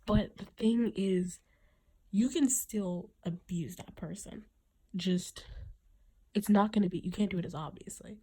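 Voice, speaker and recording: Husky, mellow-voiced woman podcasting. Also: medium pitch, a little slow. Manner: earnest, reflective, many restarts. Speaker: podcast host. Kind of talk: casual podcast monologue.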